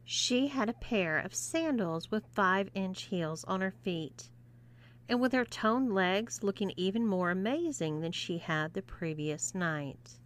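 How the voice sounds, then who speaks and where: A woman narrates a scripted story at a middle pitch. Her reading is smooth and measured. She keeps an even, unhurried storytelling delivery.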